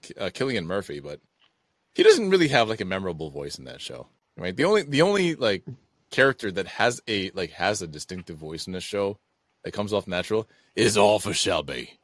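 A man's voice: deep voice, dry recording, studio quality. A man co-hosting a podcast, talking casually and jumping into impressions. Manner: animated, quick to do impressions. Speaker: podcast co-host. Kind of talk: casual chat.

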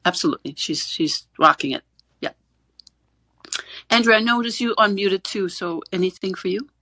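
A woman's voice: mid-range voice, moderate pace, bright, forceful tone, dry recording. A middle-aged woman co-hosting a casual online panel discussion, earnest and explanatory, often repeating words as she starts a thought. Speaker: co-host, gender expert. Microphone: online audio call.

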